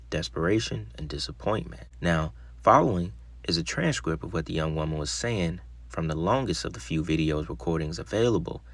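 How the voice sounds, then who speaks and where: Low gravelly man narrating a mystery. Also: no room sound. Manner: casual asides between read passages. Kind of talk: reading an article aloud with comments.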